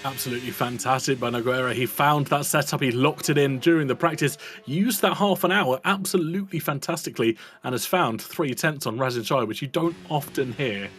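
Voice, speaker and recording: A man's voice: medium pitch, fairly bright tone. A man giving co-commentary and analysis on a sim racing qualifying session. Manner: measured analytical, praising laps. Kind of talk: live race analysis.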